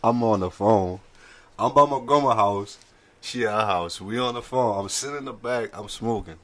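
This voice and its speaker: A man's voice: on the low side, moderate pace. A man telling funny stories in casual chat with friends, acting out the voices of people in them. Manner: animated, acts out voices in his stories. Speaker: guest. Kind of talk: casual storytelling among friends.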